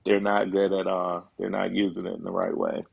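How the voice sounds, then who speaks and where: A man's voice: deep voice, flat delivery, normal speed, creaky, a little mellow, husky, dry recording. A man speaking as a guest on a talk show, earnest and emphatic, with frequent fillers. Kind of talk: casual chat.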